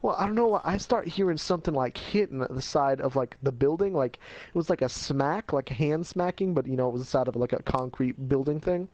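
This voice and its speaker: A man's voice: medium pitch, fairly quick, darkish tone. A man telling a casual life story in a rambling, slangy way, laughing at himself as he goes.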